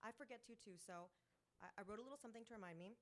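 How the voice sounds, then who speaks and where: A woman performing her poems live at a bookstore open mic, expressive and rhythmic, leaning into repeated words. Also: on the high side, rapid-fire. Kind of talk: live poetry reading.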